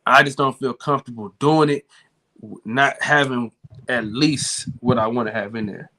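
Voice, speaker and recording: A man's voice: mid-range voice, normal speed, pushed and bright. A man co-hosting a live boxing talk stream, joking and repeating himself in casual banter. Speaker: podcast co-host.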